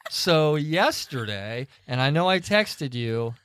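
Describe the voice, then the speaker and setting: A man's voice: on the high side, takes it slowly, noisy background. A man co-hosting a casual church podcast chat, telling stories with lots of laughter and acted-out quotes. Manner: animated storyteller, acts out quoted voices, laughs through stories. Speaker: podcast co-host.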